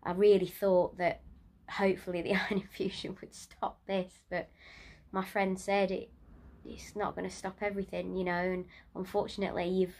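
A woman vlogging from her sickbed, nasal, exhausted and short of breath, talking in a halting, trailing way. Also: lowish voice, level tone, a little mellow. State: ill and exhausted, weak voice. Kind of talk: casual video diary. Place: in bed at home.

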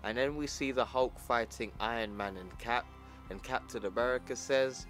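A man narrates a comic book story in a plain, chatty, mid-pitched voice. Soft music plays quietly underneath. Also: moderate pace.

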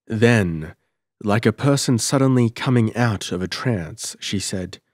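A man narrating a first-person adventure story in a measured, deliberate way as an audiobook reader, on a close mic. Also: fairly low pitch, no echo.

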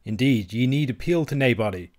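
A boastful Highland piper, bold and coolly needling his rival, as a male audiobook reader puts him on. His lines come slightly raised and emphatic against the narration. It has the feel of a storybook character. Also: animated, brisk, a little mellow, lightly acted.

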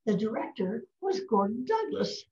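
Lady in her 90s telling showbiz stories, lively, kinda roomy audio. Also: a little high, normal speed, slight background noise. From United States. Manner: lively, anecdotal, fond of putting on voices. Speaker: guest, voice actress. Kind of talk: casual storytelling interview. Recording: roomy, slightly dull recording.

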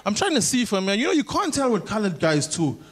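A high, wildly swooping male voice with a Durban South African accent, performing stand-up on a theatre stage. He keeps the set animated and jumps into impressions of the people he describes. Audience laughter and room noise sit clearly behind him. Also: quick pace. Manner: animated, switching into mimicked voices. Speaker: stand-up comedian. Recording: live theatre with audible crowd noise.

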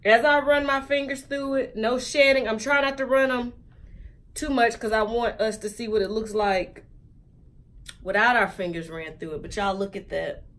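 A woman's voice: on the high side, steady tone, normal speed, a bit bright. A woman chatting casually and joking straight to viewers while reviewing a wig for her vlog.

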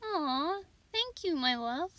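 Brief: tearful female raptor, a woman voicing her, bright and tense, very expressive. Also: high voice, takes it slowly, dry recording, full character voice. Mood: tender. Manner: pleading, tearful. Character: lovestruck female raptor, devoted to her mate. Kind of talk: fan dinosaur audio drama.

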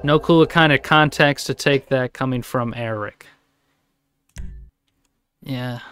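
A man live streaming a video game, chatting casually, rambling and joking with sudden loud outbursts. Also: medium pitch, slow, clean tone.

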